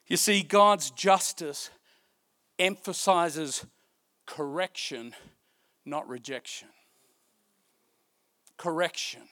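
A man, a pastor, preaching a sermon. He swings from loud, emphatic preaching to soft, hushed lines, repeating key phrases and drawing out stressed words. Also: a little high, extremely slow, long pauses.

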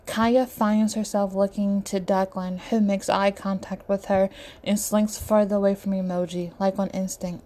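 A woman narrating a story in a steady, expressive reading voice. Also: medium pitch, moderate pace.

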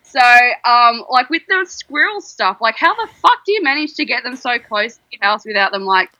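A performer playing a crude, excitable Australian woman calling into a show, with an Australian accent. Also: fairly high pitch, moderate pace, no echo, dull audio. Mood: brash. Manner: crude, swearing, giggly.

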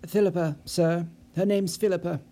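A jittery, apologetic office worker who pleads to be left out of trouble, as a man performs him in an audiobook. His voice sits a little high with a soft, mellow tone. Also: steady tone, moderate pace. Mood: anxious. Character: nervous, fretful middle-aged office man. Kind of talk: audiobook character voice.

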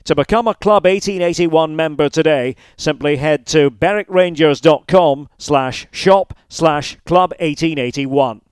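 A man reading a scripted advertisement as an announcer, with smooth, polished promotional delivery. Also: on the high side, measured pace, few pauses, dry recording. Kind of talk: scripted ad read.

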